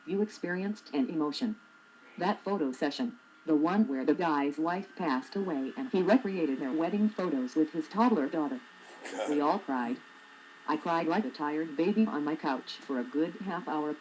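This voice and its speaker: A woman's voice: low-pitched, normal speed, a little mellow, slight background noise, rough recording. A woman in her forties, a blogger reading her own humorous essay aloud with a wry, sarcastic manner. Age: 40s.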